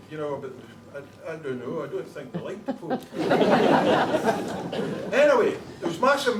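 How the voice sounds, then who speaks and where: An older man with a Glaswegian accent, a former police officer, tells a funny story to a live audience and laughs at his own jokes. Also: high voice. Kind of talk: humorous anecdote to a live audience. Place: concert hall with an audience. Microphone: far camcorder on tripod. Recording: roomy hall from a distance, noisy.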